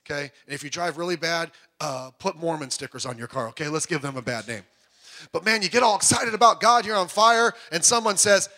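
A middle-aged man preaching a sermon as a pastor, animated and joking, sometimes breaking into loud outbursts. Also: on the high side, brisk. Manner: puts on voices when quoting people.

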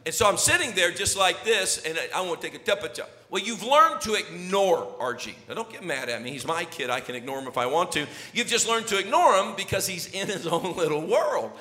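A middle-aged pastor tells comic family stories with lively, playful delivery, acting out each scene. His voice sits a little high and sounds bright. It carries a long echo from a large hall. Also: fairly quick, hardly any pauses. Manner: animated, jokey, acts out scenes. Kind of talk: storytelling sermon intro. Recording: echoey hall reverb.

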